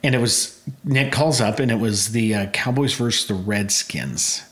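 A man in his forties, a guest and pizza business owner, telling rambling, animated stories in casual chat. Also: fairly low pitch, normal speed. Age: 40s. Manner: animated, rambling anecdotes with voiced quotes. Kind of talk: casual storytelling.

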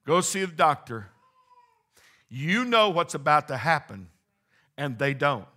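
A male preacher delivers a sermon in church with a bright, somewhat high voice. He drops into quiet, low asides, then builds to loud, rising exclamations. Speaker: pastor.

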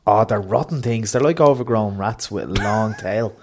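A man's voice: lowish voice, normal speed, a little hiss or hum. A man on a live podcast from a hotel, telling rambling anecdotes in casual chat.

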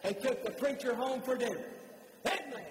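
A man preaching in a church sanctuary. His voice sits very high for a man. It carries a long, roomy reverb from the hall as he rises to shouts and then drops to a hush. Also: moderate pace, a little hiss or hum. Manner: impassioned preaching, rising to shouts, dropping to soft emphasis. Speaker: pastor. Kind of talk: sermon.

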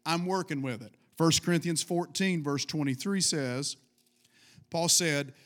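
Casting: middle-aged male pastor, high-pitched, fervent sermon delivery with call-and-response. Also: lively intonation, measured pace.

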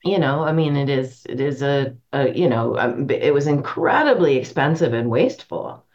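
A woman's voice: rumbling low, lively intonation, normal speed, a little mellow, dull audio. A woman guest on a podcast, talking casually with lots of fillers and restarts. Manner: hesitant, many fillers and restarts. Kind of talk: casual chat.

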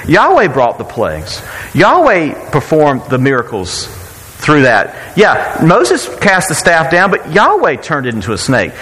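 A man's voice: fairly high pitch, wildly swooping pitch, a little slow, fairly bright tone, long reverb tail, low-quality recording. A man preaching a sermon in a conversational way, often repeating words and asking rhetorical questions. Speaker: pastor.

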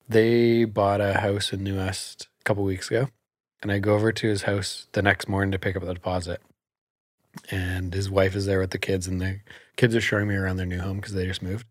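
A man's voice: on the low side, no room sound, clean studio sound. A man who works as a realtor, talking in a casual podcast chat as a guest, telling stories animatedly and laughing often.

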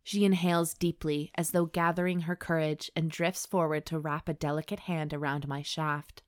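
Low-voiced woman reading aloud deadpan. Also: normal speed, dry recording, studio quality. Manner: deadpan reading broken by laughing asides. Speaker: podcast host reading erotica aloud. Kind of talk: dramatic reading with comic banter.

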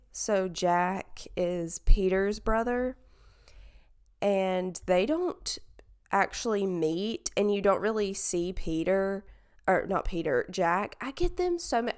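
A woman's voice: medium pitch, a little mellow, clear, resonant tone. A young woman talking casually about a movie, rambling and full of fillers and self-corrections. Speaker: movie reviewer. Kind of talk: casual chat.

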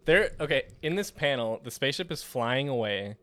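A man co-hosting a comedy podcast, retelling a comic with excitable, profane enthusiasm. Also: medium pitch, moderate pace. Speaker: podcast co-host. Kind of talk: casual comedic chat.

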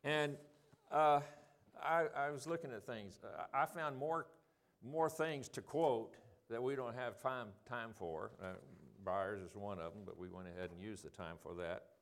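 An older man leading an informal group Bible study, rambling with many ums and restarts and reading quotations slowly. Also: medium pitch.

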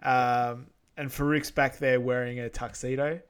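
A man co-hosting a casual film recap over an online call. He retells scenes in an easygoing, halting way with frequent ums, his voice sitting at a middle pitch. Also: flat delivery, clear, resonant tone. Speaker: podcast co-host. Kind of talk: casual movie recap narration.

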